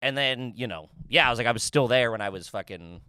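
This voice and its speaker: Animated, bright-voiced man telling a story. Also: mid-range voice, fast talker, smooth, no echo. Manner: animated storytelling, heavy swearing. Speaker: podcast co-host. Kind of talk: casual chat.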